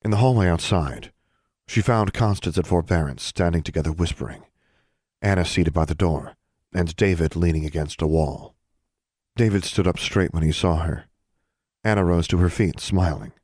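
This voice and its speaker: A man narrating an audiobook in an even, measured way. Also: deep voice, dry recording, clean studio sound.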